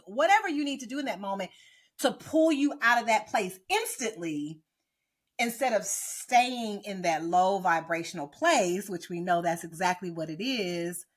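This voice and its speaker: A woman podcast host and pastor giving earnest, exhorting encouragement, often checking in with "right?". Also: mid-range voice. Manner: preachy, exhorting, frequent "right?". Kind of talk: encouraging ministry podcast talk. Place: boardroom.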